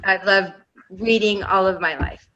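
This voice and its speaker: A woman's voice: mid-range voice, fairly even intonation, unhurried, highs cut off, noisy background. A middle-aged woman on a discussion panel, telling a long personal story in a rambling, enthusiastic way. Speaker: panel guest. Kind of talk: round-table discussion.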